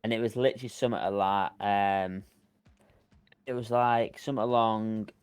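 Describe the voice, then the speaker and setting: A man's voice: lowish voice, fairly even intonation, moderate pace, clear, resonant tone, no room sound. A man co-hosting a podcast, chatty and a little rambling as he tells stories. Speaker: podcast co-host. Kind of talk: casual podcast chat.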